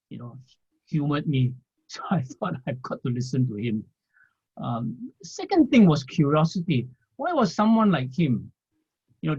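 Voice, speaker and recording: Husky man telling a rambling story. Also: medium pitch, darkish tone. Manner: rambling, with frequent "you know" and light laughs. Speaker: interviewee, former financial planner. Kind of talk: storytelling in an interview. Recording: dull lo-fi audio.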